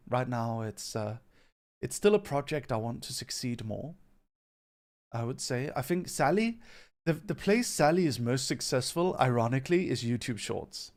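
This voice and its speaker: A man with a gravelly, creaky voice hosts a loose livestream Q&A, reading chat questions aloud. His answers ramble in a relaxed, offhand way at a mid pitch. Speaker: company CEO answering viewer questions. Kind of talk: casual livestream Q&A.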